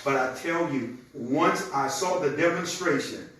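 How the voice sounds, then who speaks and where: A man with a high, bright voice runs an energetic live sales pitch and speaks straight to his listeners. He is picked up from a distance in a very echoey room, with faint noise behind him. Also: unhurried. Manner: energetic and conversational, talks straight to the audience. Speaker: presenter of a product demonstration.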